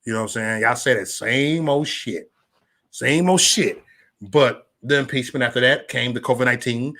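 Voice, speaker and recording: A man ranting on a casual livestream, loud and profane, stammering and restarting, talking straight to viewers by name. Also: mid-range voice, moderate pace. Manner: chats directly with viewers by name. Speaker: livestream vlogger.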